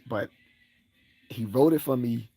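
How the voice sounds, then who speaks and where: Speaking slowly with a dark, slightly rough tone, a man hosting a livestream rambles through a personal story. He laughs frequently and shifts into a higher voice to act out quoted lines.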